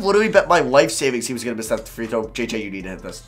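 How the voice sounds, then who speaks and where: A man giving live commentary over his own basketball video game, excitable and quick to frustrated outbursts. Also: medium pitch, soft background music. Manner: excitable, swings between calm and frustrated outbursts; swears and groans at misses.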